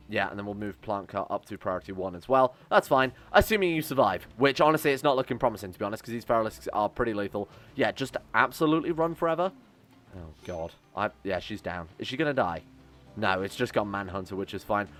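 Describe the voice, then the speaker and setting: A man streaming a video game, rambling and thinking aloud with lots of fillers, excitable as he plays, recorded close on a desk mic at home. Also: medium pitch. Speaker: gaming streamer. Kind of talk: casual let's-play commentary.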